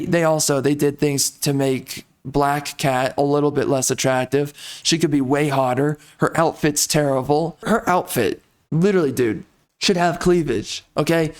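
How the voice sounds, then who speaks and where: A young man hosting a ranting commentary video, rambling and stammering with frequent restarts, exasperated and mocking. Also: on the high side. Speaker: video host.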